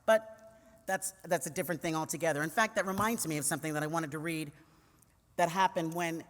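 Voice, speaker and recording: This deep-voiced woman talks a little fast as she tells a funny story from her own life. She's a New York City commentator and conference speaker in her fifties, witty and conversational with playful audience asides, recorded amid a big conference hall's long reverb.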